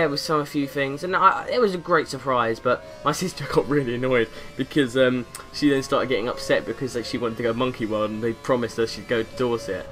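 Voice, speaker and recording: A man's voice: mid-range voice, fairly bright tone. A young man from England giving a rambling, jokey commentary over a racing game in his bedroom, slipping into silly voices now and then. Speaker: gaming YouTuber. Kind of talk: casual gameplay commentary. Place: bedroom with window open.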